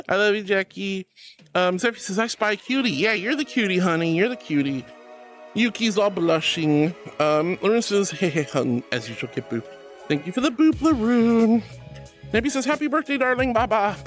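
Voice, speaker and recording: A man streaming as a VTuber, reading chat aloud and answering viewers with affectionate pet names and giggles. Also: high-pitched. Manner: affectionate, calls viewers darling and sweetheart.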